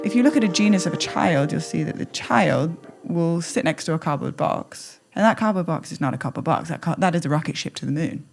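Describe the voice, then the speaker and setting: Animated, playful woman podcast guest. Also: sits low, brisk, creaky, few pauses. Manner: animated, playful, acts out scenes. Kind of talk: conversational interview.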